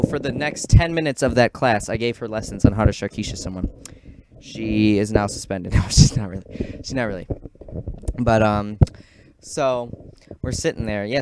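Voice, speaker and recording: A teenage boy tells rambling stand-up stories in a low-pitched voice. He keeps jumping into squealing, shouted impressions of the people in his stories. Heavy background noise runs under the whole recording. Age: teens. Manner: rambling, excitable, acts out quotes with sudden loud squeals. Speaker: amateur stand-up comic. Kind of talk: casual stand-up storytelling.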